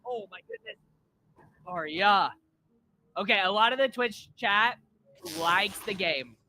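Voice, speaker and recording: A man live streaming a game, excitable and chatting with his AI co-host. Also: sits high, takes it slowly. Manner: excitable, laughing.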